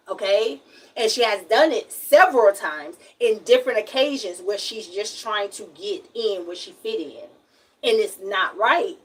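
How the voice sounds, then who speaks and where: A woman's voice: mid-range voice, breathy edge, distant mic, rough recording. A young woman with a Southern US accent, from Alabama, talking frankly and at length in a casual livestream. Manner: frank, rambling, emphatic.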